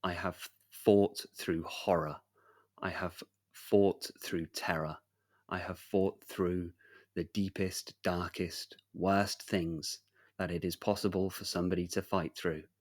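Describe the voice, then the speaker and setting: A man voicing a weary, gentle knight in a spoken story, talking in a calm, hushed and reassuring way. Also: low-pitched, slow.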